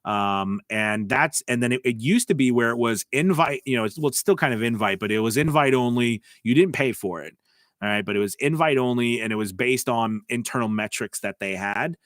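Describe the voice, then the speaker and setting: A man's voice: medium pitch, a little fast, a bit bright, dry recording. Male host for a casual live stream, mid-range voice, loose and filler-heavy, dry close-miked. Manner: rambling, filler-heavy, reads viewer comments aloud. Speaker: voice-over coach and channel host.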